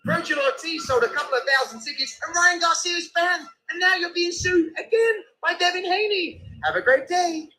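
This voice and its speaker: Comic bit: a man doing a squeaky, hard-edged, fake-cheerful heckler. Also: normal speed, few pauses, echoey room, exaggerated voice, rough recording. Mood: mocking. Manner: high shrill taunting, rising to shouts. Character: mock-cheerful man seething underneath, taunting. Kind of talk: comic impression.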